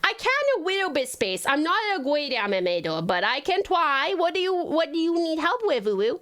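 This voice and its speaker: A woman's voice: high-pitched, very animated, moderate pace, fairly bright tone. A woman streaming live, chatting with viewers in a put-on sugary baby-talk voice, giggling and calling them sweetheart and darling. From Tasmania, Australia.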